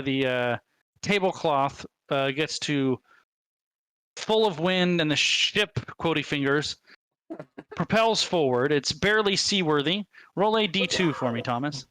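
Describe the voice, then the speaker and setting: A man narrating as game master of a tabletop game, halting, with many fillers and restarts. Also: on the high side, expressive, sharp tone, clean tone, no room sound.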